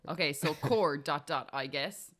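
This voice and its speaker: A woman's voice: sits low, measured pace, a bit bright. A woman casually interviewing her partner and reading online comments aloud, laughing easily. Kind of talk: casual chat.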